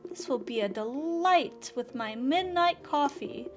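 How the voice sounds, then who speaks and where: A woman's voice: sits high, expressive, measured pace. A woman voicing a polite older male cinema owner in a put-on, inconsistent French accent, over game music. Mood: courteous. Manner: courteous, formal phrasing.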